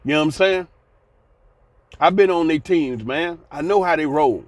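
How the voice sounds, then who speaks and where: A man's voice: fairly high pitch, normal speed, no room sound. A man in his sixties giving blunt, folksy commentary, ranting and sighing between points. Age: 60s. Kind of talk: casual commentary vlog.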